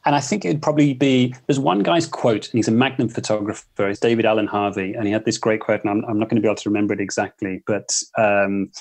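A man, a photographer guest talking thoughtfully in a casual interview, with frequent restarts. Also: fairly low pitch. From England. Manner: thoughtful, hesitant, many restarts.

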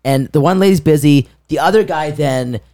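A man's voice: a little high, normal speed, creaky. A man co-hosting a casual podcast, animatedly telling a story and acting out the voices of people in it. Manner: animated, acts out quoted voices, laughs mid-story. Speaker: podcast co-host.

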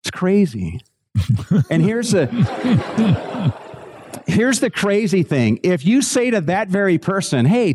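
A man's voice: high-pitched, darkish tone. A man who is a pastor, speaking conversationally, chuckling and acting out the reactions of the people he talks to. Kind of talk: recorded talk.

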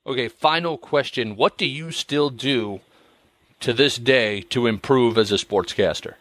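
A man with a mid-range voice hosts a podcast. He asks questions in a measured, conversational way. The room sound is dry and close. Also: medium pitch, fairly bright tone, no echo. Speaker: podcast host. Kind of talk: interview questions.

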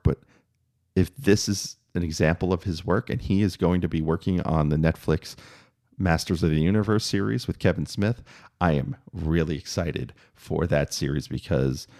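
A man talking through a spoken review, opinionated and measured, with frequent fillers and restarts. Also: low-pitched, darkish tone.

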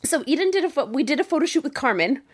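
A woman's voice: high voice, very animated, racing. A woman hosting a casual interview, bubbly and teasing, laughing often. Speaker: podcast host.

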